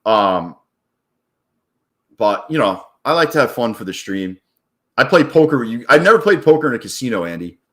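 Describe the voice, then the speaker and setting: A man live-streaming his day trading, chatting casually and excitably, with plenty of swearing and hype. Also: mid-range voice, moderate pace, long pauses. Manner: excitable, profane, hypes up his wins; rambling and casual.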